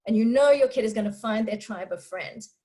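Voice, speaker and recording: Woman with a higher voice, candid and chatty, fielding parenting questions live. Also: brisk, warm tone, rough recording. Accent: non-Israeli English speaker living in Israel. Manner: candid, chatty, laughs often. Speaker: parenting speaker answering questions. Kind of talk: live talk with audience questions.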